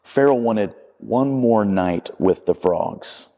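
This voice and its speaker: A man's voice: on the low side, lively intonation, takes it slowly, mellow, in a large hall. A man preaching a sermon in a conversational, storytelling way, acting out the quotes as he goes.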